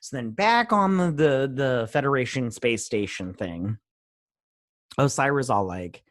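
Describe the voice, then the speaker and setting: A man's voice: medium pitch, animated, a little slow, fairly bright tone, no echo, studio quality. A young man hosting a show, casually recapping and reviewing an episode in a rambling, dismissive way. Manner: rambling, dismissive, paraphrases scenes with "he's all like". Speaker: show host.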